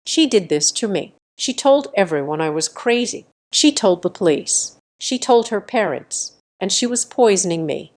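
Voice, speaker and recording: A distraught young son, read by a woman narrator, speaks in panic, his words choked and rushed. It sits inside a storybook reading. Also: mid-range voice, expressive, a little mellow, close to an everyday voice. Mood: shouting.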